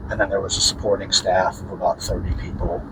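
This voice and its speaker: A man's voice: low-pitched, flat delivery, fast talker, heavy background noise. A man hosting a podcast, telling a story casually, rambling and correcting himself with many fillers. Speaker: podcast host.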